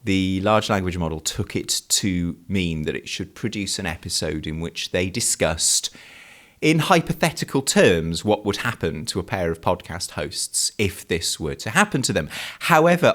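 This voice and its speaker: A man's voice: low voice, sing-song, measured pace, fairly bright tone. A man co-hosting a teaching podcast, telling stories in a chatty way and laughing often. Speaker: podcast co-host. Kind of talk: casual chat.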